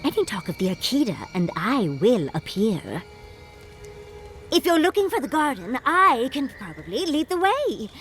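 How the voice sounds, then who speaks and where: Theatrical woman scholar, lively swooping voice, highish pitch, game character. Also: normal speed, faint music behind. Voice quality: theatrical, calls people darling. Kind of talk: video game voice acting.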